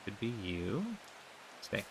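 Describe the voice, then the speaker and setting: A man's voice: lowish voice, slow pace, background noise. A man streaming a game live, thinking aloud and asking his viewers what to do next. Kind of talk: live gameplay commentary.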